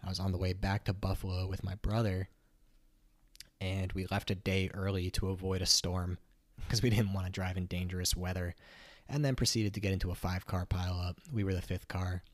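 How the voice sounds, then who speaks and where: A young man co-hosting a podcast from a home kitchen, telling stories in a casual, animated way with laughs. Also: deep voice, brisk, no echo. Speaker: podcast co-host. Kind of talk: casual chat.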